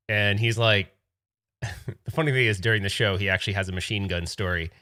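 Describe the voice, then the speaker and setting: A man's voice: fairly low pitch, animated, brisk, bright, forceful tone. A man from Rhode Island hosting a casual livestream chat, telling rambling, digressive stories. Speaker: host.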